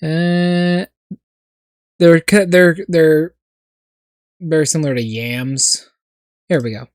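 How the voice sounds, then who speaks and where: A streamer reacting to a game on a livestream, swinging from low mumbles into profane, mock-furious shouting rants. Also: fairly even intonation, slow, no room sound.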